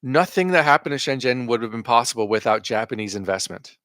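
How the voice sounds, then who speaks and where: A man's voice: mid-range voice, expressive, fast, fairly bright tone, no room sound. A man hosting reaction commentary, answering clips with profane, sarcastic rebuttals.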